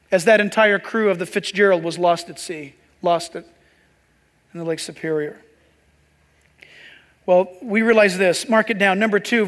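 A man's voice: high-pitched, a bit bright. A man preaching a sermon in a conversational way, with joking asides to the congregation. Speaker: pastor. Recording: long hall reverb.

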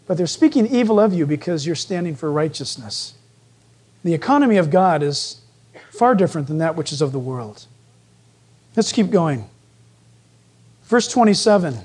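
Brief: a lively, joking pastor mid-sermon, his pitch leaping up and down constantly. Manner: animated, joking, acts out voices.

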